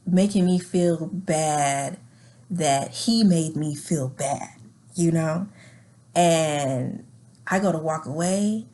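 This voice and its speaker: A young adult woman with a lowish voice tells her own story frankly and candidly. She keeps it animated by acting out what was said, with nervous laughs slipping in. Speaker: guest telling her story.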